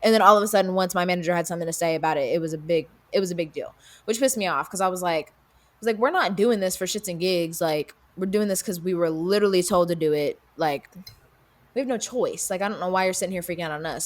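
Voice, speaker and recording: Fast-talking young woman telling a story. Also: fairly low pitch. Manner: animated retelling, acts out quotes, frequent fillers and swearing. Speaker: podcast co-host. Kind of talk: casual storytelling.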